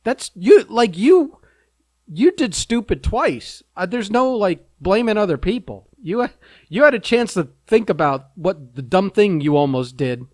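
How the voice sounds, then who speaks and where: A man's voice: high voice, sing-song, a little slow, darkish tone, no echo. A man hosting a podcast in a teasing, joking way who laughs often. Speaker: podcast host. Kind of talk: casual chat.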